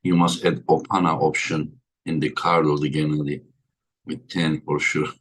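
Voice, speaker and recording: A man's voice: extremely low pitch, flat delivery, moderate pace, a bit bright. A tired man hosting a livestream in casual chat, greeting his viewers by name one after another. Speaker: livestream host.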